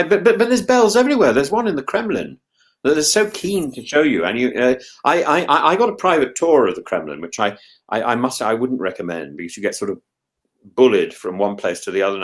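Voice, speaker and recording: A man's voice: medium pitch, a bit bright. A British man hosting a podcast, telling rambling, wry anecdotes in a casual chat. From Britain. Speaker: podcast host.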